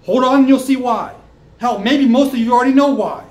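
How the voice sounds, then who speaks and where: A man's voice: very high-pitched, brisk, a little mellow, low-quality recording. A young man ranting as a sports fan commentator, angry and full of profanity.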